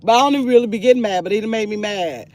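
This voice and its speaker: An older woman hosting a casual livestream from her phone in a parked car, chatty and excitable, reading comments aloud and turning from sweet to sassy. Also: mid-range voice, racing, no echo. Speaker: livestream host reading chat.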